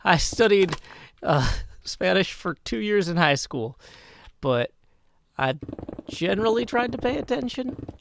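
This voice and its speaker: Gravelly-voiced guy streaming a game, chatty and wry, talks to chat and mumbles to himself, bit of hiss. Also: high-pitched, animated, measured pace, pauses often, fairly bright tone. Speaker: livestream host. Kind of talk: casual live-stream chat while gaming.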